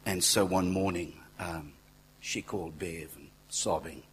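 A man preaching a sermon, telling stories in a conversational way, dropping to near-whispers and then rising to loud exclaiming, with asides to the congregation. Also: low-pitched, steady tone, measured pace, a little hiss or hum, rough recording. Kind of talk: sermon with storytelling.

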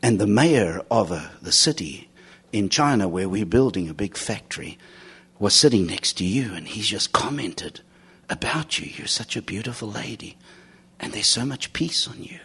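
Husky-voiced man preaching with big swings. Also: expressive, moderate pace. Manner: swings from loud and high to hushed and low; laughs while telling stories. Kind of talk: sermon with storytelling.

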